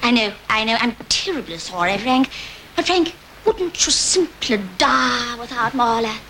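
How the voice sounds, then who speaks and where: A woman's voice: a little high, lively intonation, a little slow, a bit bright, a little hiss or hum. A woman playing prim, posh-sounding Rita. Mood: affected. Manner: affected, genteel, overly proper.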